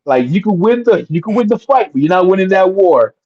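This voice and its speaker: A man guest on an interview, telling stories in a casual, animated way and acting out the voices of the people in them. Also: high voice, a little fast, no echo, dull audio. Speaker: guest wrestler.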